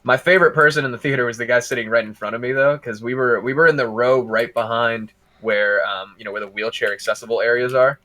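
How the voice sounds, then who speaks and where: A man on a podcast casually telling a story, animated and laughing through his own anecdotes. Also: mid-range voice, fast, hardly any pauses.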